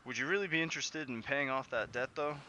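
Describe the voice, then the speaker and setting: A man's voice: mid-range voice, fast talker, bright, forceful tone, lo-fi sound, a little hiss or hum, voice pushed up, lightly acted. A man voicing a male sailor who gambles and is in debt, hesitant and pleading. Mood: wary.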